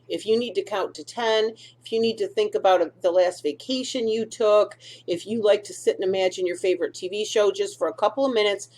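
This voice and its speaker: A middle-aged woman hosts a dog-care video in a slightly high, somewhat mellow voice. She talks casually through the instructions, often checking in with "okay?" and "do you see?".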